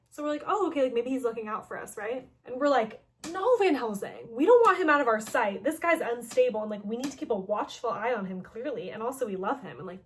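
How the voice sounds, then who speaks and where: A woman casually recapping a story game, chatty and peppered with "like", paraphrasing characters as she goes. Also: fairly high pitch. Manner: chatty, heavy use of "like", quoting characters in quick paraphrase. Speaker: gaming video host.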